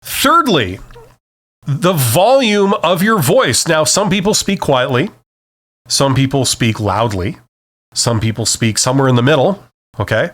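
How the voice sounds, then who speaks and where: Speaking without a script, a man runs a solo advice podcast, lively and checking in with "okay?" after most points while changing volume and speed to demonstrate. His voice is medium-pitched and unhurried.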